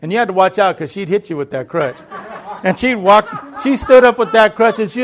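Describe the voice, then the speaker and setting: Man telling a story, a little high-pitched, animated, acts out voices. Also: a little fast. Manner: conversational, with repeated fillers and restarts. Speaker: guest.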